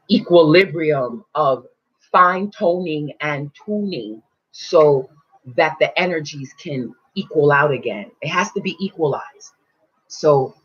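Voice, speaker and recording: A woman spiritual teacher telling a personal story in casual, animated talk, swearing freely and acting out quotes. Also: low voice, slightly rough. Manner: animated, swearing, acts out quotes in loud voices. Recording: dull lo-fi recording.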